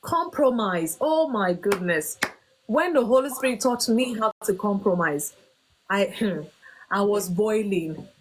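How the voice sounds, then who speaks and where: A woman's voice: mid-range voice, expressive, slow, slight background noise, low-quality recording. A woman hosting a faith-based talk on marriage, speaking earnestly with emphatic, preaching emphasis. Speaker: host.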